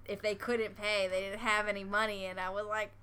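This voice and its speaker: Bright-voiced American woman, animated and laughing. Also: mid-range voice, fairly quick, smooth. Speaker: friend in conversation. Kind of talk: casual chat.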